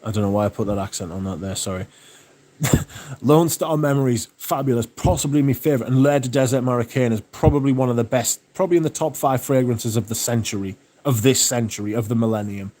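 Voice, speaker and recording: A man hosting a livestream, chatting casually and reading out viewer comments, relaxed and enthusiastic with plenty of swearing. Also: mid-range voice, fast talker. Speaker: livestream host.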